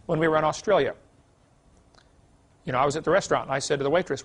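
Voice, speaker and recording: A man's voice: a little high, fast talker, long pauses, husky. A middle-aged man giving a classroom lecture, folksy and chuckling as he tells anecdotes. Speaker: creation science lecturer.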